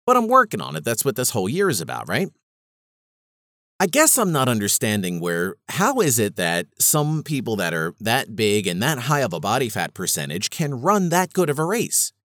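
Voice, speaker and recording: A man of middle pitch holds a casual, self-mocking monologue, and his voice swings widely as he tells the story. The recording is dry and close, with almost no room sound. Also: huge pitch swings, normal speed, fairly bright tone, dry recording. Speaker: podcast host.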